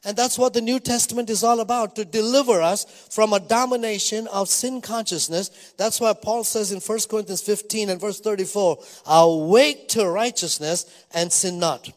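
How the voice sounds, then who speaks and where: A man's voice: high-pitched, steady tone. Older male pastor preaching in a hall. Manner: reads scripture slowly, then tells stories with many fillers. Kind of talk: sermon.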